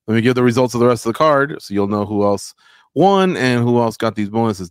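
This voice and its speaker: A man's voice: on the low side, no room sound. A man hosting a casual sports talk show, chatty and opinionated as he recaps fight results. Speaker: podcast host.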